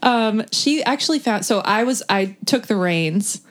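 A woman chatting as a podcast guest, wandering through her anecdotes and breaking into giggles. Her pitch sits in a middle range, and she restarts her sentences often. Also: lively intonation, a little slow. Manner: giggly, rambling storyteller. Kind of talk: casual chat.

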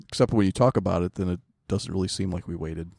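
Co-host, man, slightly low voice, teasing sidekick, dry booth sound. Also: fairly quick, creaky, darkish tone, no echo. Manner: teasing, dry jokey asides. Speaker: podcast co-host. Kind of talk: casual chat.

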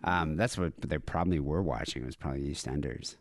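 A man's voice: extremely low pitch, fast talker, dry recording, clean studio sound. A man co-hosting a podcast, casually reading out news stories with wry asides and fillers. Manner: wry, laid-back storytelling with frequent fillers. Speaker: podcast co-host.

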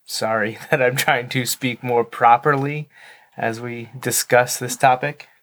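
A man co-hosting a casual podcast. He speaks with careful, deliberate enunciation and a dry, self-deprecating humor. His pitch sits in a middle register. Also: fairly even intonation, a bit bright. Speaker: podcast co-host. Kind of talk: casual chat.

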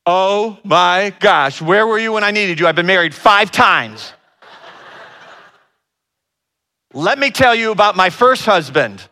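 A man retelling the words of an excited, talkative woman in her sixties, a grandmother on a plane, without changing his own voice much. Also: medium pitch, moderate pace. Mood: amazed. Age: 60s. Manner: talks on and on, excited. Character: chatty older woman traveler, excited grandmother.

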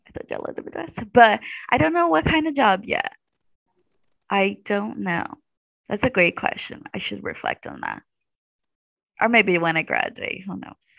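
Chatty young woman with a creaky voice. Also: medium pitch, huge pitch swings, normal speed, pauses often, fairly bright tone, dry recording, low-quality recording. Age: 20s. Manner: chatty, laughs often, fillers like "like". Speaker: graduate student guest. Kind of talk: casual interview chat.

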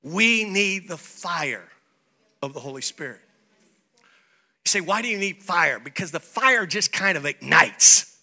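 A male pastor preaching a sermon, swinging from soft playful asides to shouted declarations. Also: high voice, lively intonation, unhurried, long pauses.

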